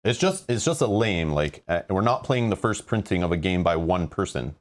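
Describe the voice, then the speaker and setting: A man with a fairly low voice plays through a board game, reading rules and story text aloud. He rambles and grows exasperated over how the rules are laid out. His talk is casual and unscripted. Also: expressive, normal speed. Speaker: host playing a board game.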